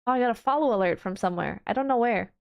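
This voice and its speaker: High-voiced streamer, profane and rambling. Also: female voice, rapid-fire, gravelly, clean tone, highs cut off, faint music behind. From United States. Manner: rambling, profane, exasperated mock disbelief with laughing outbursts. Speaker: VTuber streamer. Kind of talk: casual stream chat.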